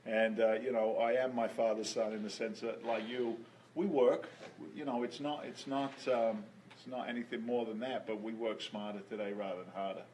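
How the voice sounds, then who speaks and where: A man's voice: fairly low pitch, steady tone, moderate pace, darkish tone, a little hiss or hum, rough recording. A man from England, a guest telling stories in a casual interview, often repeating words as he restarts.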